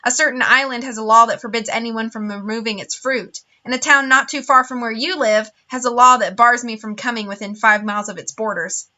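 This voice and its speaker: A woman's voice: on the high side, fairly even intonation, fairly quick, few pauses, pushed and bright. A woman reading a novel aloud with wry, dramatic storytelling. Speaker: reader.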